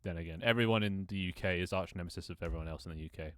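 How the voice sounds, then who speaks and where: A man's voice: sits low, rapid-fire, a bit bright, smooth, no echo. A man with an English accent, chatting casually as a streamer, rambling and jokey and swearing freely. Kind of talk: casual live-stream chat.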